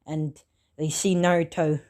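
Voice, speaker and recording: A person improvising a fan-fiction story at home in a loose, unscripted way, stopping often to correct themselves. The talk is casual and peppered with swearing, and the pitch sits in a middle range. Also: level tone, measured pace, darkish tone. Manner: rambling, loose and unscripted, full of self-corrections.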